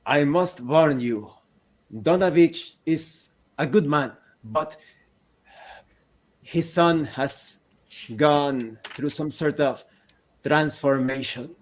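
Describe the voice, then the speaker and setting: A man voicing an earnest young nobleman who gives slow, measured warnings. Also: on the high side.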